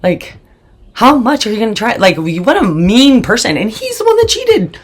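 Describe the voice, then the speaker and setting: A woman's voice: a little high, sing-song, moderate pace, breathy edge. A woman hosting her own show, telling a candid personal story in a blunt, emotional way and swearing often. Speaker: host.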